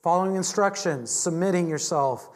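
A man's voice: high voice, moderate pace. A man teaching a Bible lesson in a chatty, joking sermon style, often restarting his sentences. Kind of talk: conversational sermon.

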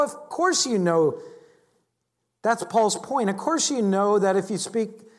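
High-voiced man preaching conversationally. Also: expressive, slow. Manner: chatty and joking, with frequent restarts. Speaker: Bible teacher. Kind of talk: conversational sermon.

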